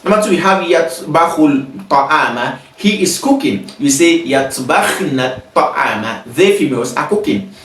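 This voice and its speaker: A man teaching grammar, reading example sentences, translating them and explaining step by step with frequent pauses. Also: on the high side, lively intonation, fairly bright tone, far from the mic, a little hiss or hum. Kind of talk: explaining exercises in a grammar lesson. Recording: echoey room, mic set back.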